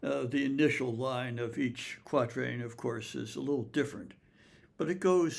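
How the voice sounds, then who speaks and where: A man giving a recorded talk on poetry, reading verse aloud in a slow, measured way. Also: medium pitch, creaky, breathy edge. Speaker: lecturer on poetry.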